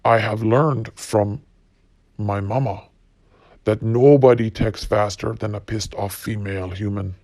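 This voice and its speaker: A man's voice: lowish voice, steady tone, a little slow, warm tone, no room sound. A man hosting a solo podcast, ranting bluntly and profanely while reading quotes. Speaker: podcast host.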